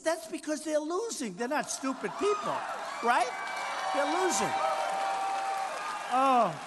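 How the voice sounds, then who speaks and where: A political candidate in his sixties speaks in a very high, fairly bright voice at a large rally venue. His campaign speech is boastful and repetitive as he riffs off the crowd, with long hall reverb and faint crowd noise in the recording.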